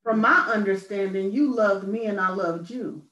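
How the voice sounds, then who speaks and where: A woman songwriter and poet, appearing as a guest, gives earnest personal testimony in an interview, searching for words and repeating key phrases. Her mid-range voice is bright and forceful at a normal speed. The recording is muffled, with roomy echo from a distant mic.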